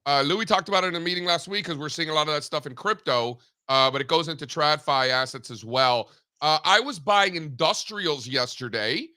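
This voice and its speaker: A man co-hosting a casual market talk show over a video call, animated and joking, with lots of fillers. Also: fairly high pitch, a little fast.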